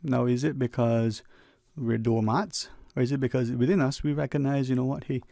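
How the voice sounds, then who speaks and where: Recorded cleanly on a studio microphone in a radio studio with no room sound, a Caymanian talk radio host offers a reflective, preachy monologue. His medium-pitched voice is steady, creaky and warm, and he speaks conversationally, quickening and slowing for emphasis.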